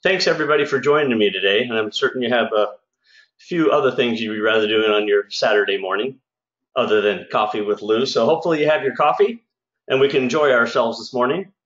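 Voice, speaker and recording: A man's voice: mid-range voice, fast, fairly bright tone. A man who runs a home services business, hosting a casual sales webinar in an upbeat, folksy, chatty way. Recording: echoey room, slightly dull sound.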